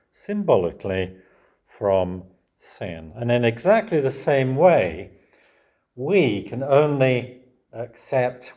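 An older man with a lowish voice gives an expository sermon. He talks to his congregation conversationally and keeps checking in with rhetorical tag questions. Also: dark tone. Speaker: preacher.

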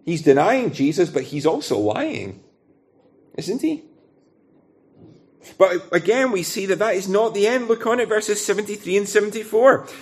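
A man's voice: high voice, big pitch swings, normal speed, long pauses. A man with a Scottish accent preaching an expository sermon in a conversational way, often asking rhetorical questions.

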